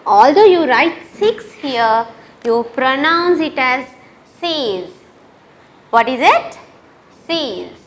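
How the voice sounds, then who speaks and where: A woman teaching a lesson to pupils, speaking slowly and repeating each word for them to copy. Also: high-pitched, animated. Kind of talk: classroom lesson.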